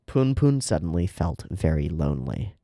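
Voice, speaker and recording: Animated, chatty man reading a manga. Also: extremely low pitch, moderate pace, creaky, dry recording, clean studio sound. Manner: chatty, animated, swears casually. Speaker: manga reader and channel host. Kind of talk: reading a manga aloud with casual commentary.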